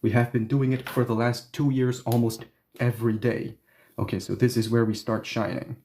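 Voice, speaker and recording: A man's voice: medium pitch, moderate pace. A man teaching Korean grammar in a live stream, explaining step by step and checking in often with his viewers. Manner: lively explainer who checks in with listeners.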